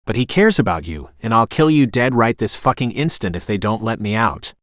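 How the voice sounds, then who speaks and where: A man's voice: fairly low pitch, very animated, fairly quick, dry recording, studio quality. Cornered violent male captor, read by an AI narrator, harsh and profane. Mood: threatening. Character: desperate cornered male sketch artist, vicious.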